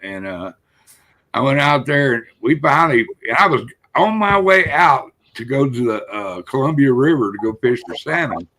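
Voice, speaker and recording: Gravelly older Texan man telling stories. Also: medium pitch, big pitch swings, normal speed, bright, forceful tone. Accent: South Texas. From South Texas. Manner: folksy, swears casually. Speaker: host. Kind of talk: casual storytelling chat.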